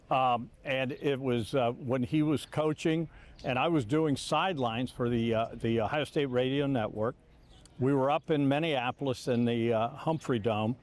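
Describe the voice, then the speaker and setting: An older man recalls his career in an easygoing, mid-pitched voice. He talks in loose, repeated bursts. When he quotes others, he jumps up in pitch and acts the lines out. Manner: animated, repeats words and restarts, acts out quotes. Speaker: longtime sportscaster. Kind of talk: reflective interview storytelling.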